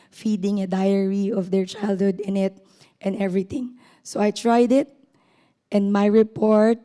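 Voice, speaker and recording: A woman from the Philippines speaks on a panel with a hoarse, mellow, darker voice. She talks earnestly and repeats her main points. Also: mid-range voice. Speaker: panel guest. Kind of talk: panel self-introduction.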